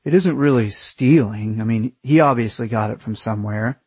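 A man's voice: medium pitch, moderate pace, darkish tone, breathy edge, no room sound. A man voicing a stingy, stubborn young male travel companion who talks in a dismissive, matter-of-fact way.

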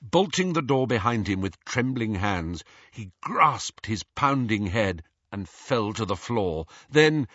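Brief: male audiobook narrator, expressive, lively pitch, dry close sound. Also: breathy edge, no echo. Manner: expressive, measured storytelling. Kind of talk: scripted narration. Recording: dull lo-fi audio.

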